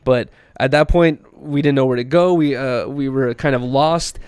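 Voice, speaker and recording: A young man, a podcast host, telling a story in casual chat, animated, laughing often and acting out quotes. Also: medium pitch, moderate pace, smooth, no room sound, clean studio sound.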